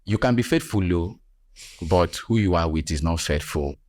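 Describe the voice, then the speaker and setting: A man's voice: sits low, animated, normal speed, a little mellow. A man with a Nigerian accent hosting a health podcast as a nurse, talking emphatically with teasing asides.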